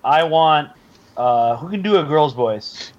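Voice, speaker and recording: Man, podcast co-host, fairly high and animated, joking; faint hiss. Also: takes it slowly, lo-fi sound. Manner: lively, joking. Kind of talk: casual chat.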